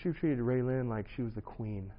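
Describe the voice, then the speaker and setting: A man's voice: mid-range voice, normal speed, highs cut off. Earnest man telling his life story. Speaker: speaker sharing his testimony. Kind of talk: personal testimony talk.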